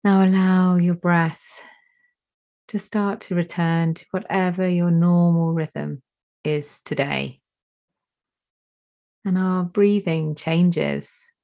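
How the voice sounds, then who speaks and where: A woman leading a guided meditation, giving slow, soothing instructions with long pauses between phrases. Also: on the low side, vocal fry, mellow. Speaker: meditation teacher. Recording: dull lo-fi recording.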